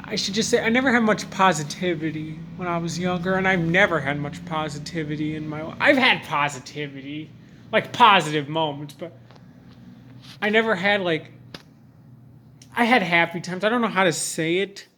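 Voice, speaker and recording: A young man with a slightly raised pitch, speaking earnestly and openly to camera. His talk rambles and halts, packed with fillers, false starts and self-corrections. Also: sharp tone, slight background noise. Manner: rambling and halting, full of fillers and restarts; earnest and candid. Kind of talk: personal vlog monologue.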